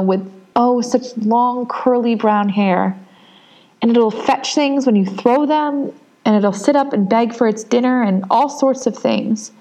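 A woman's voice: fairly high pitch, vocal fry, a little mellow, poor audio. A woman voicing a polite, chatty young girl in a storybook reading. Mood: eager. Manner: soothing, eager.

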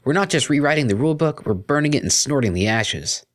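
A man's voice: mid-range voice, lively intonation, fast talker, fairly bright tone, voice pushed up, close to an everyday voice. A man voicing a brash, cocky young female unicorn DJ who talks in a slangy, teasing way. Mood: bossy.

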